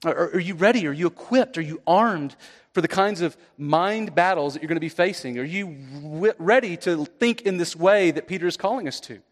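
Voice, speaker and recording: High-voiced pastor preaching in a hall. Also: male voice, a little fast. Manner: conversational preaching, rising to emphatic peaks. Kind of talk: sermon.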